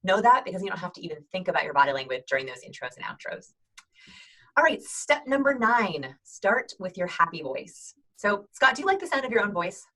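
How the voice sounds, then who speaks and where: Woman, thirties, upbeat instructional host, energetic, quick delivery. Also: mid-range voice, rough recording. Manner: energetic, demonstrates voices and greetings. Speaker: host giving video call tips.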